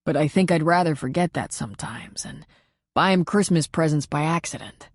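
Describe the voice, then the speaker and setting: Woman doing a quiet, gentle man. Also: sits low, animated, moderate pace, no echo, studio quality. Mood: soothing. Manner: quiet, soft and soothing. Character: gentle man comforting a grieving friend.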